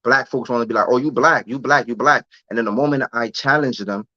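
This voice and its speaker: A man's voice: medium pitch, fairly quick, sharp tone, no echo. Slangy young man ranting on a stream. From United States. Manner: loose, street-slang, repeats phrases. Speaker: live-stream host. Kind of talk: casual live-stream rant. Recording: dull lo-fi dry sound.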